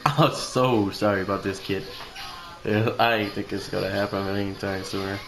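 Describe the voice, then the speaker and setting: A woman's voice: rumbling low, flat delivery, moderate pace. A woman streaming a horror game, chatting casually and playfully taunting in-game victims. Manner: playful, taunting, laughs often. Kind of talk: casual gameplay commentary. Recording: roomy sound with game music.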